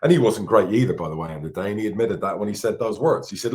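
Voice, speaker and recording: Blunt, deep-voiced Irish chairman. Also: expressive, fast, dark tone. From Ireland. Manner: blunt, swears freely, repeats words when worked up. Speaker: football club chairman, podcast co-host. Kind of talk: candid podcast chat.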